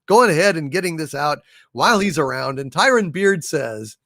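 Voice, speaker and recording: A man's voice: a little high, moderate pace, no room sound, studio quality. A man hosting a casual live stream, telling jokes and reading viewer messages aloud. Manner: animated, reads viewer messages and tells jokes. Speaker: livestream host.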